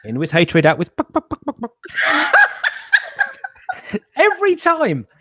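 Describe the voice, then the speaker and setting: A man's voice: high-pitched, huge pitch swings, measured pace, a bit bright, a little hiss or hum. A man hosting a casual chat show over a video call, rambling, swearing and laughing at his own jokes. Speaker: host.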